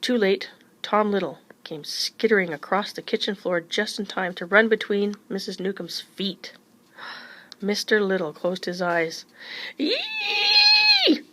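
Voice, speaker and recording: A woman reading a children's chapter book aloud in a gentle, even storytelling manner. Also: mid-range voice, unhurried, slight background noise, low-quality recording. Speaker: reader.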